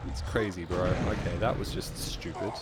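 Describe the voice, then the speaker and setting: A man's voice: low voice, steady tone, moderate pace, heavy background noise. A man streaming a video game, chatting casually with a goofy, self-mocking manner and plenty of swearing. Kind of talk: casual gaming stream commentary.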